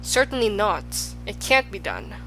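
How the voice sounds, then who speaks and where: A woman's voice: medium pitch, sing-song, normal speed, pushed and bright, faint music behind, poor audio. A woman voicing a pompous, wordy male humbug bug in an audiobook, talking in flowery, fussy phrases. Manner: flowery, fussy, agrees with everyone. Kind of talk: audiobook character voice.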